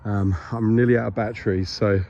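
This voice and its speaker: This vlogger has a fairly low, steady, dark voice and speaks a little fast on a muffled recording. Walking a historic hilltop site next to a graveyard with birdsong in the air, he's out of breath, chats and rambles, and pokes fun at himself.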